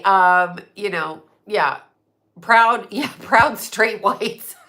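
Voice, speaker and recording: A woman's voice: medium pitch, sharp tone. Blunt, profane woman live-streaming. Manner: blunt, profane, laughs often, jumps between topics. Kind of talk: casual live stream chat.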